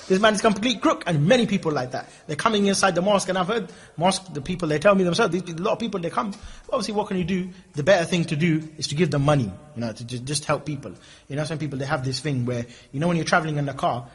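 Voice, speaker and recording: A middle-aged man preaching an Islamic lecture, acting out lively dialogues between people as he tells stories. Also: a little high, husky. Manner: lively, acts out dialogues in different voices. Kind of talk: animated Islamic lecture with storytelling.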